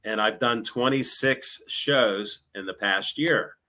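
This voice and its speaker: A man's voice: lowish voice, takes it slowly, bright, forceful tone. Chatty sarcastic man. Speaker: guest, local show host. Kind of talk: casual chat.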